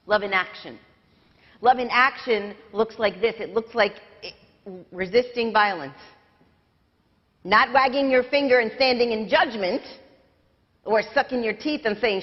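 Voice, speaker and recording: Woman pastor preaching in an echoing church. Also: a little high. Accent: American. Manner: conversational, self-deprecating, sings snatches of lyrics. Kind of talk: sermon. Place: church sanctuary. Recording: dull livestream sound with long church reverb.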